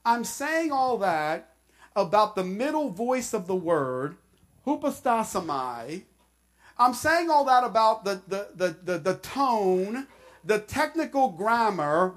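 A woman pastor preaching a sermon to her congregation, slow and emphatic, repeating key phrases. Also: medium pitch, big pitch swings.

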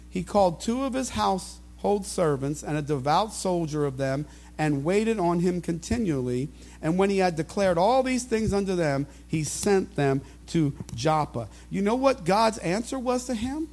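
A male preacher delivering a fervent sermon, moving between quiet scripture reading and shouted rhetorical questions. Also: high-pitched.

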